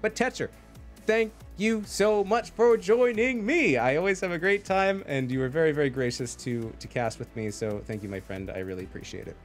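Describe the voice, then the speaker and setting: An esports caster with a fairly high voice calls a match live at a moderate pace, chatting casually, laughing often and thanking his chat. Faint music plays in the background of this stream commentary.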